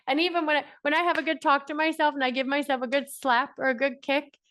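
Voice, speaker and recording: Irish woman with a high voice leading a punchy motivational coaching session. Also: little pitch movement, quick pace, a bit bright, no echo. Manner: emphatic, repetitive, laughs often. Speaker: business coach.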